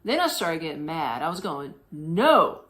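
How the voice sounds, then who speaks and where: A woman tells a travel story in a casual, slangy way. Her pitch swings widely as she goes. She laughs often and mimics the people in her story. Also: sing-song, brisk, a bit bright. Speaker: podcast host.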